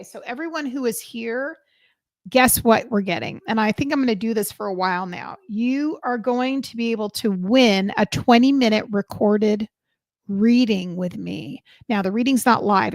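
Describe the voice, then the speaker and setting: A woman hosting a live stream as a psychic reader, chatting casually and excitedly with her viewers. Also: on the high side, no room sound, studio quality.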